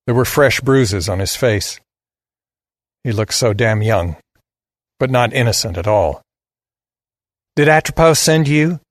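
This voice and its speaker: A man narrates a story in a blunt, sardonic voice. His voice sits on the low side and he delivers the script plainly. The recording is dry and close, with no room echo. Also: a little slow, long pauses.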